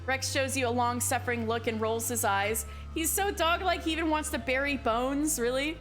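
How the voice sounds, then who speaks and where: A young woman streamer reading a story game aloud in a slow, theatrical way, breaking off for swearing asides. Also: sits high, fairly bright tone. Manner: reads dialogue slowly and dramatically, swears and laughs in asides. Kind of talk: reading a visual novel game aloud with commentary.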